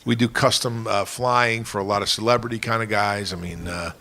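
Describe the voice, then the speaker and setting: A man telling a rambling, animated story on a casual podcast, full of fillers and quoted voices. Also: lowish voice, fairly quick.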